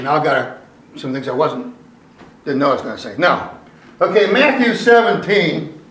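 A man preaching a sermon in a loose, conversational way, slowing down and lifting his voice to drive points home. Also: sits high, fairly bright tone. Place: church sanctuary. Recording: echoey room, voice from a distance.

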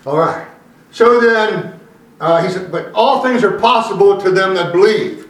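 High-voiced man preaching in an echoey church. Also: expressive. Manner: conversational preaching, slowing and rising for emphasis. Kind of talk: sermon. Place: church sanctuary. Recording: echoey room, voice from a distance.

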